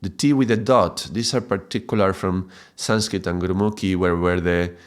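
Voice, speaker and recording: Guy teaching, lowish voice, stops and restarts a lot, keeps saying yeah?. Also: steady tone. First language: Spanish. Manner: halting, often repeats and restarts words, checks in with "yeah?". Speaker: mantra teacher. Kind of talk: explanatory video lesson.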